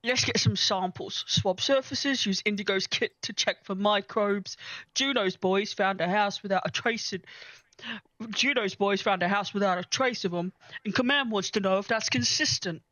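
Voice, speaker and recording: A woman voicing a calm female squad leader giving matter-of-fact orders. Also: medium pitch, moderate pace, no echo, lightly acted, rough recording. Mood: businesslike.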